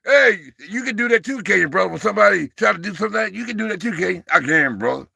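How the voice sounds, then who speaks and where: With a bright, forceful voice that sits high, this man in his sixties races through his casual livestream, animated and creaky with a breathy edge. He sounds like a folksy preacher, calling viewers "baby" and "brother" and getting fired up and playful with his chat. It's a dry, studio-quality recording.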